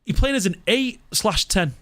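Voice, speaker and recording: Man, fan channel live streamer, high voice, animated, mock outrage, repeats himself. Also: normal speed. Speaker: fan channel presenter reading live chat. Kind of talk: casual live-stream chat.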